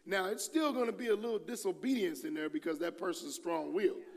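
A middle-aged man with a high, bright voice preaches a sermon in a church, with long reverb ringing around him. He swings his pitch and volume up and down as he acts out the people he quotes. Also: fairly quick, creaky. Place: church sanctuary.

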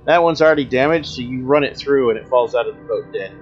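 A man's voice: mid-range voice, fast, lo-fi sound, soft background music. A man narrating as game master of a tabletop role-playing game, patiently explaining rules and describing combat.

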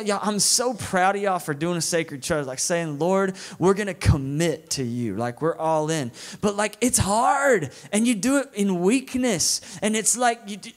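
A man with a Southern US accent preaching a sermon in a casual, conversational way, often checking in with "right?". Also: high voice. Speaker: guest preacher.

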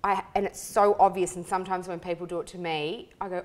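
A woman hosting a casual interview, bubbly and quick to react, telling stories with energy. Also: mid-range voice. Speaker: interview host. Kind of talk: casual chat.

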